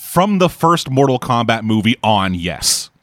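A man chatting casually while watching a movie, swearing freely and reacting with quick asides. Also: mid-range voice, very animated, fairly bright tone, no echo, studio quality.

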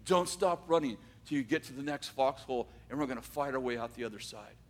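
A man voicing a grim male army sergeant giving quick, hushed, urgent orders. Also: medium pitch, animated, pitched below the performer's own voice, close to an everyday voice.

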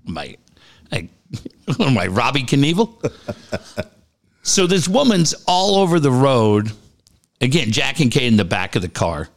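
A man's voice: medium pitch, big pitch swings, a little slow, pauses often. A middle-aged man telling a story in casual chat, jumping into the voices of the people he quotes.

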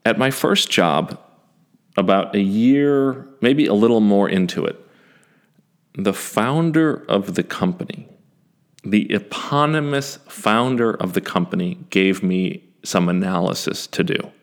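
A man in his forties telling a first-person story in a self-deprecating, animated way, with some swearing. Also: lowish voice, a little slow. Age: 40s.

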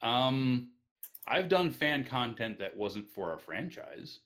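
A man answering interview questions casually, hesitant with frequent pauses and restarts. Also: medium pitch, very animated, a bit bright. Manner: hesitant, many ums and restarts. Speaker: interview guest.

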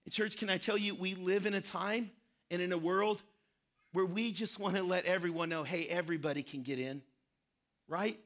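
A man's voice: high-pitched, steady tone, moderate pace, fairly bright tone. A man preaching a sermon, telling a story earnestly and repeating key phrases for emphasis. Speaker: pastor.

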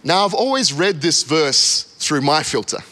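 Pastor guy preaching, high bright voice, lots of "come on", big echoey church hall. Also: big pitch swings, unhurried. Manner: preaching with repeated "come on", acted quotes and laughs. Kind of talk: sermon. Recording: long hall reverb.

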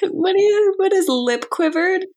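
A woman's voice: very high voice, expressive, normal speed, a little mellow. A woman taking part in a casual podcast chat, wry and amused.

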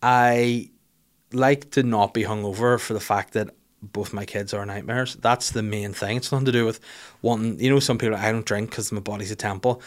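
A man's voice: on the low side, steady tone, moderate pace. A man, telling funny self-deprecating stories about his life in casual, sweary talk. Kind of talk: casual storytelling monologue.

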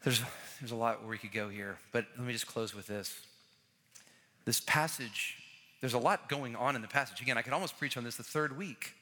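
A man preaching a sermon as pastor, animated and repeating key phrases, acting out the people in the story. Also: medium pitch, brisk. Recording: large hall with long reverb.

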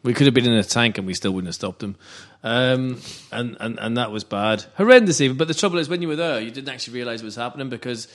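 A man's voice: medium pitch, fast, hardly any pauses. A middle-aged man from Northampton, co-hosting a casual football podcast in a blunt, self-mocking, argumentative way. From Northampton, England. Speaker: podcast co-host. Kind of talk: casual chat.

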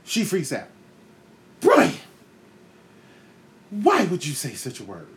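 Animated, profane man telling a story. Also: a little high, moderate pace. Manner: profane, animated, laughs often, acts out voices. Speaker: podcast host. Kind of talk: comedic storytelling monologue.

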